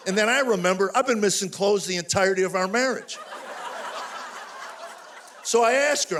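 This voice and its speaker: High-voiced older man doing stand-up. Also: fairly bright tone, slight background noise. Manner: rapid-fire storytelling, exasperated punchlines. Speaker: stand-up comedian. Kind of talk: live stand-up comedy. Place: stage before a live audience.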